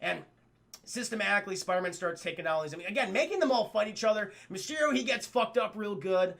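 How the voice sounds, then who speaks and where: A young man's fairly high voice carries a bright, crackling fry as he talks his stream chat through a cartoon scene by scene. He swears casually, laughs at the funny bits, and slips into quick voiced quotes. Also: animated. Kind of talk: casual recap, addressing chat.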